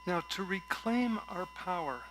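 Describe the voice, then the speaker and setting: A man preaching a gentle, reflective sermon from a stage at a spiritual center, telling a story and often dropping to a soft voice. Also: sits high, expressive, measured pace, noisy background. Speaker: guest speaker at a spiritual center.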